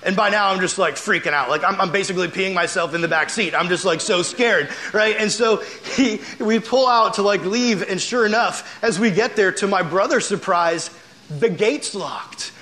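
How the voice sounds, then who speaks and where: High-voiced chatty young male preacher. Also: normal speed. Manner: animated, chatty, heavy use of "like". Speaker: youth pastor. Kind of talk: casual storytelling sermon.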